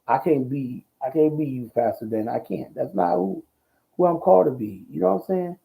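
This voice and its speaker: Ministry talk host, male, bold and loud, heavy on slang and repetition, low gravel in the voice. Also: moderate pace, poor audio. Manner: answers viewer comments. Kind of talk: casual preaching talk.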